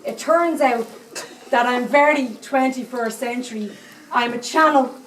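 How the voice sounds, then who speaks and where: A woman's voice: fairly high pitch, measured pace, fairly bright tone, a little hiss or hum. A woman performing a foul-mouthed 78-year-old Dublin psychic in a live stage comedy monologue, with a thick Dublin accent and constant swearing asides. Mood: cheeky. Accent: Dublin Irish. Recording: echoey room, mic far off.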